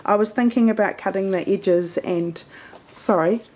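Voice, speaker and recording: This scrapbooking vlogger has a mid-range, somewhat dark voice and speaks at a moderate pace. She walks through her scrapbook page in a relaxed, meandering show-and-tell, chatty and full of fillers.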